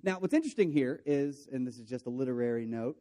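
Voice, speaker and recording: A man's voice: medium pitch, animated, quick pace, mellow. A man preaching a sermon, retelling a story with playful voices for the characters and jokey asides. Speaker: pastor.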